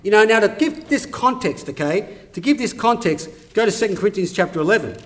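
A man's voice: high-pitched, lively intonation, brisk, a bit bright. A man preaching a sermon in an earnest, conversational way that builds to emphatic urgency. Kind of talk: sermon with scripture reading.

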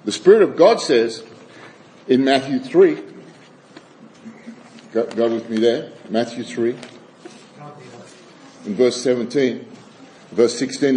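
A male preacher giving a sermon at a middle pitch, often restarting his phrases and dropping in wry, chuckling asides. He reads passages aloud between his own comments. A faint hiss of background noise sits under the voice. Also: takes it slowly, pauses often, warm tone, low-quality recording. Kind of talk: sermon with scripture reading.

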